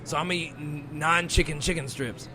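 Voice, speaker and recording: A man co-hosting a radio show, ranting in an animated, exasperated way and laughing between complaints. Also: fairly high pitch, a little fast, a crowd in the background. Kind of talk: casual comedic rant.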